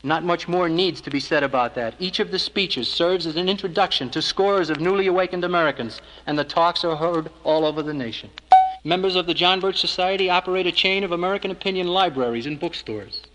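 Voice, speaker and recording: A man giving scripted filmstrip narration as an organization's spokesman, in a measured, earnest, persuasive way. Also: sits high, a bit bright, big-room sound, poor audio.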